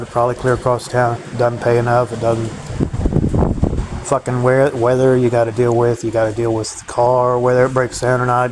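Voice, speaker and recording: A man's voice: mid-range voice, noisy background. A man ranting in a bitter, profane solo monologue to his viewers. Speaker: vlogger.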